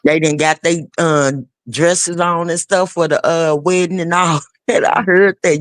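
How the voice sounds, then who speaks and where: A woman's voice: on the low side, steady tone, unhurried, few pauses, no echo, studio quality. A woman chatting casually about a TV episode and reacting with short exclamations.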